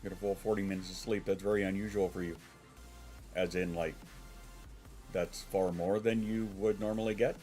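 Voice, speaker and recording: A man's voice: low voice, fairly even intonation, moderate pace, long pauses, warm tone, faint music behind. A congested man streaming from home, chatting casually with his viewers and swearing now and then. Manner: rambling, swears, answers chat.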